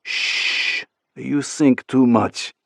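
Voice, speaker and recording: Soft french lady lover in an audiobook, quiet and breathy-close, dry sound, man doing the voice. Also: mid-range voice, animated, unhurried, no room sound, pitched above the performer's own voice. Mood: tender. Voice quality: soft, hushed. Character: soft-spoken young French woman, affectionate lover.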